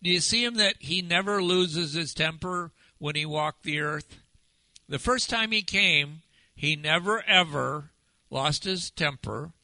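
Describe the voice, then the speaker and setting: Bright-voiced male pastor preaching. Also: a little high, measured pace, dry recording, rough recording. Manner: conversational, asks the congregation questions. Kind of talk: sermon.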